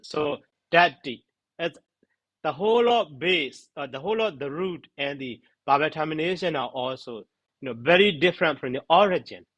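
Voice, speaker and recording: A man teaching Pali grammar in a class discussion, halting and searching for words, with many fillers. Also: on the high side, lively intonation, a bit bright, low-quality recording.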